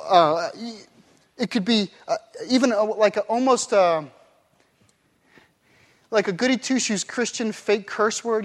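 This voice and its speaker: A man's voice: high voice, a bit bright. A man preaching a sermon as pastor, playful and demonstrative, acting out one phrase in many different tones of voice. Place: church sanctuary.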